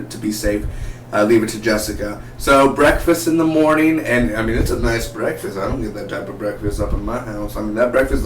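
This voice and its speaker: A man giving a casual, rambling recap of a TV episode, acting out the characters' lines as he goes. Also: mid-range voice. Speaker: TV reviewer. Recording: roomy, distant from the mic, faint noise.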